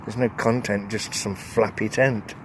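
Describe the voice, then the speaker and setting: A man's voice: lowish voice, steady tone, measured pace. A man chats casually to his camera from inside a tent. He rambles and chuckles between thoughts, and faint wind and traffic noise sit behind his voice. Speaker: wild camping vlogger.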